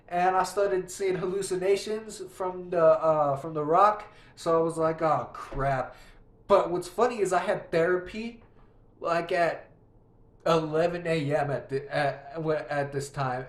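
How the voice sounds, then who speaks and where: A man's voice: sits high, reverberant. A young man telling a story in a rambling, profane, casual way, often restarting his sentences while he plays a game. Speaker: vlogger.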